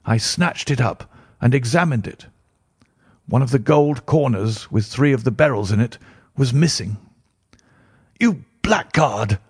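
A husky-voiced man reads a classic first-person tale aloud in a measured, formal way. His pitch sits in an ordinary middle range. The recording is dry and close, with no room sound. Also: a little mellow, no room sound. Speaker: audiobook narrator. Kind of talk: scripted narration of a classic first-person story.

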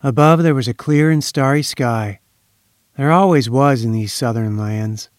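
A man's voice: medium pitch, measured pace, no echo, clean studio sound. Man reading a solemn story. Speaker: narrator. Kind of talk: scripted narration of a story read aloud.

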